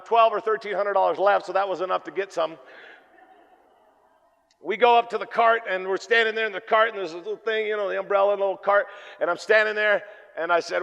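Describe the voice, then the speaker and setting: A man preaching a sermon as pastor, telling jokey stories and swinging between loud and hushed delivery. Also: sits high, creaky, muffled recording. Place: church hall. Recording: long reverb of a church hall.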